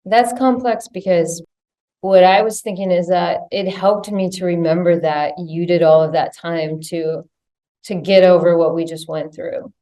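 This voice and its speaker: A woman's voice: lowish voice, steady tone, unhurried, dark tone. A woman co-hosting a podcast, speaking directly and with blunt swearing. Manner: direct, profane, challenging. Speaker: podcast co-host. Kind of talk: candid podcast conversation.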